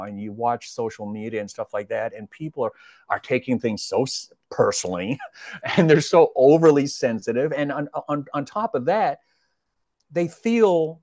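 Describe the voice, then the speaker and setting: Middle-aged male guest, reflective storyteller, mid-pitched voice, dry close recording. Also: dry recording. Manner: earnest, reflective, gently persuasive. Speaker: podcast guest, retired police officer. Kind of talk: casual storytelling conversation.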